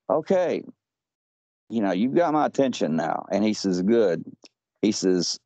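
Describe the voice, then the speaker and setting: On a podcast call, a male guest with a low, darkish voice rambles through a strange conversation he had, repeating "he says" a lot. The lo-fi audio sounds dull but has no room sound.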